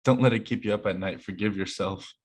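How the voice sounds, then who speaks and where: Young man, low voice, casual chat, animated storyteller, laughs a lot. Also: quick pace, husky. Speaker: co-host reading confessions.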